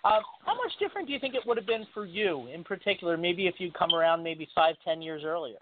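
A laid-back interview host with a lively, swinging pitch laughs easily and asks loose questions. The audio is thin, phone-like and carries steady noise. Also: fast talker. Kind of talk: casual interview.

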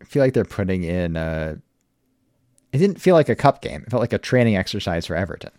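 A man's voice: deep voice, big pitch swings, brisk, a little mellow, dry recording, clean studio sound. A man hosting a casual podcast, laid-back and wry, laughing often and swearing casually. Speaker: podcast host.

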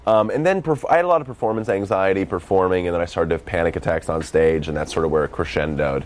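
A young man with a very low voice and a light Boston accent talks in a loose, rambling way, full of "like"s. He is self-deprecating and casual as an interview guest. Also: quick pace. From Massachusetts, USA. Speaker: film director and comedian guest.

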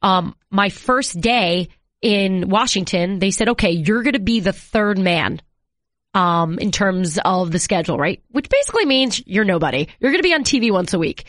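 A woman in her thirties, a TV sports anchor, telling stories in a casual interview and acting out quotes with jumps in pitch. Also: expressive, normal speed, a bit bright, dry recording, clean studio sound. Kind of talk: conversational storytelling.

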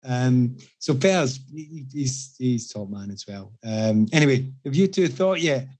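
A Scottish man in casual chat, telling animated, self-mocking anecdotes to the room. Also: medium pitch, unhurried. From Scotland.

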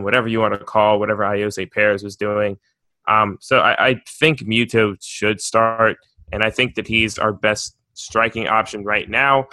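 Male co-host, bright and forceful tone, dry close sound, hesitant sports talk. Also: lowish voice, dry recording. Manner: hesitant, restarts often. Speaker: podcast co-host. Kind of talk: casual sports chat.

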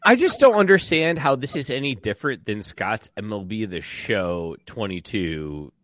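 A man's voice: fairly low pitch, sing-song, normal speed, fairly bright tone, no echo. A man co-hosting a casual podcast chat over a call, joking and swearing freely. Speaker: podcast co-host. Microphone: remote call.

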